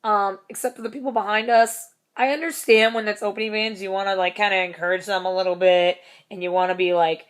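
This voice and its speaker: A woman's voice: medium pitch, steady tone, quick pace, hardly any pauses. A young woman recounting a night at a show in a casual vlog. She talks in a loose, rambling way, swears often and laughs through the funny parts. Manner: chatty, swears a lot, laughs often, acts out quotes. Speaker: concert fan telling a story.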